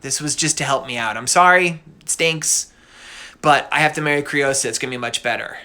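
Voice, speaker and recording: A man's voice: medium pitch, fairly quick, sharp tone. A man voicing a self-serving young hero making offhand excuses.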